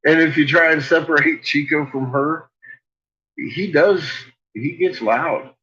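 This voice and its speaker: A vlogger at home chats casually in a slow, slightly high, somewhat bright male voice, swearing a lot, laughing often, and talking to his barking dogs. The lo-fi home recording sounds dull, with faint noise.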